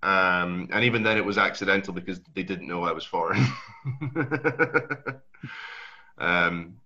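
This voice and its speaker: A young man from Switzerland whose first language is Swiss German speaks with a mixed Aberdeen Scottish accent carrying American traces. His voice sits very low yet bright and forward, and he talks in a loose, chatty way, often restarting his sentences. The recording sounds a little dull and lo-fi. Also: measured pace. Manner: relaxed, chatty, laughs often, many restarts. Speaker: guest. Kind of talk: casual interview chat. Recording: dull lo-fi audio.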